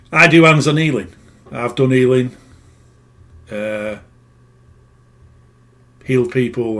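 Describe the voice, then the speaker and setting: A middle-aged man at an ordinary, mid-range pitch speaks in a loose, rambling monologue. He talks plainly as a spiritual healer, often doubling back to correct himself as the story unfolds.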